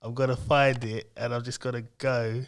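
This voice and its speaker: A man's voice: mid-range voice, little pitch movement, normal speed, gravelly, clean tone. A man co-hosting a podcast in casual chat, laughing often and singing along. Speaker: podcast co-host.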